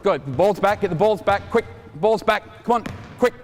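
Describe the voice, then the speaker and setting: A man in his forties coaching basketball players through a drill, energetic and joking as he calls out instructions. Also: high-pitched, moderate pace, slight background noise. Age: 40s. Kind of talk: coaching clinic demonstration. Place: indoor basketball court. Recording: reverberant gym hall. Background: basketballs bouncing.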